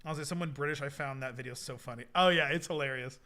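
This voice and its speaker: A man's voice: a little high, fast talker, sharp tone. A young adult man hosting a live stream, chatting casually and rambling with lots of filler words. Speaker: streamer hosting a game server giveaway.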